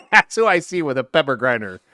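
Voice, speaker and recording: A man co-hosting a podcast, talking in an animated, playful, joking way. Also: medium pitch, normal speed. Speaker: podcast co-host. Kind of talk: casual joking chat.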